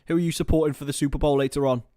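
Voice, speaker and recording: A man's voice: a little high, steady tone, racing, mellow, no echo, studio quality. A young man hosting a casual live stream, rambling, joking about himself and reading out viewer comments. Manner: chatty, rambling, self-mocking, reads chat aloud. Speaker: livestream host. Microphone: webcam or computer mic.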